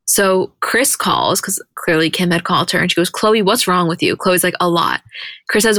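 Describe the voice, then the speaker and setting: Woman podcast co-host, lowish voice, dry close sound, animated recapping. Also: no echo. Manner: animated storyteller, quoting people in quick bursts. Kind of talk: casual podcast recap chat.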